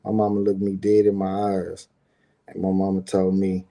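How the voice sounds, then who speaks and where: A man's voice: low-pitched, monotone, normal speed, gravelly, warm tone. A middle-aged man and business owner telling a personal story in a rambling, slangy way, swearing freely and talking straight to his viewers. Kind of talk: casual personal storytelling monologue.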